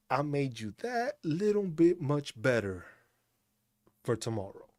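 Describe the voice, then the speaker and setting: A man's voice: fairly high pitch, sing-song, unhurried, darkish tone, dry recording, clean studio sound. A man hosting a casual chat stream, talking in a laid-back, profane way and laughing often. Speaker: streamer host.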